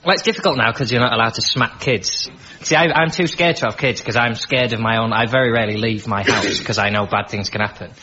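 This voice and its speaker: A man's voice: medium pitch, fast, a little hiss or hum. Man telling comic stories. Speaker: comedian panelist. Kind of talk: stand-up style anecdote. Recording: dull radio recording with loud crowd.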